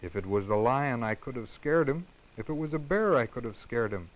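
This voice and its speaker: A man voicing a boastful little male kitten, speaking in a proud, puffed-up way, often rising higher in pitch. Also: animated, fairly quick, dull audio, lightly acted. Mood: indignant.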